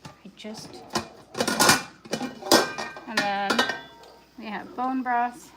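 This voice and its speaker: Through a very noisy recording comes a woman's fairly high voice, drawing out her words with fairly even intonation. She is livestreaming casually from her home kitchen, chatting to herself about what she's cooking, muttering, and occasionally shouting at her dog.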